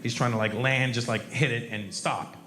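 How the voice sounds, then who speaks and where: A man doing a stand-up comedy routine, telling an animated story and shouting out sound effects. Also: mid-range voice, normal speed. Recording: echoey live room, faint noise.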